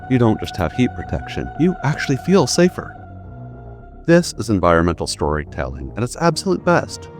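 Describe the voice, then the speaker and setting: Male narrator, deep voice, animated delivery; scripted video essay with emphatic punchlines, faint music bed. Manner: emphatic, building to punchy statements. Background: faint background music.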